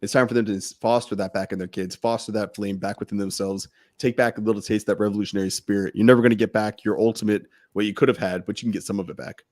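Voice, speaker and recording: A man's voice: lowish voice, steady tone, quick pace, hardly any pauses, darkish tone. A man co-hosting a podcast, talking bluntly with swearing and building to heated outbursts. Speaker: podcast co-host. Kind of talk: impassioned podcast rant.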